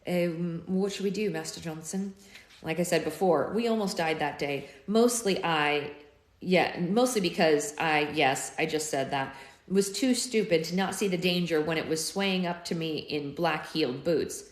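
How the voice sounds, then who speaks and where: A woman's voice: low-pitched, normal speed. Book club host, woman, reads aloud with playful tangents, roomy sound. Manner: chatty, playful, goes off on tangents. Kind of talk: live read-aloud with casual asides. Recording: roomy echo.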